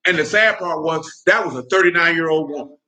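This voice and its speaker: A man's voice: on the high side, brisk, pushed and bright. A man hosting a podcast, giving heated, blunt and profane casual commentary and often asking if listeners follow him. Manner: blunt, heated, profane, keeps asking "you know what I'm saying". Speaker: podcast host.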